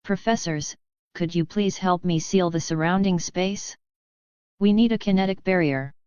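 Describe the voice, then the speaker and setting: A woman's voice: on the low side, a little mellow, clean tone, dry recording, close to an everyday voice. A woman voicing a fierce, clever young witch girl who bursts out in fury and gives commands, in an audiobook reading. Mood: determined. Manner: furious outbursts, quick and commanding. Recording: muffled lo-fi recording.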